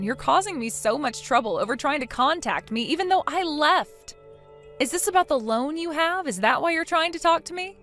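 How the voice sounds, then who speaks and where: A defiant young daughter-in-law mocks and needles in a high, animated voice, voiced by a woman. She sounds sarcastic. Soft music plays behind her. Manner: sarcastic, mocking. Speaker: narrator of the story.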